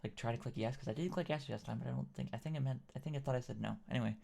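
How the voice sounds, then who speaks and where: A man's voice: medium pitch, very fast, gravelly, a little mellow. A man streaming a horror game, rambling and hesitant in casual commentary. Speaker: gaming streamer. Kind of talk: casual let's-play commentary.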